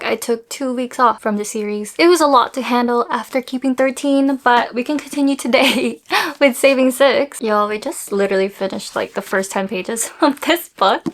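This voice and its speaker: A woman's voice: a little high, no room sound. A young woman chatting through her reading vlog, emotional and gushing, laughing between thoughts. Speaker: book vlogger. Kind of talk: casual reading vlog chat.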